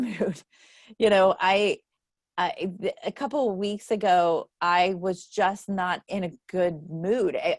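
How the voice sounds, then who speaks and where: A woman's voice: lowish voice, no room sound. Chatty, laughing woman with a dry close sound. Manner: chatty storyteller who laughs often. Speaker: book club host. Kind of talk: casual chat.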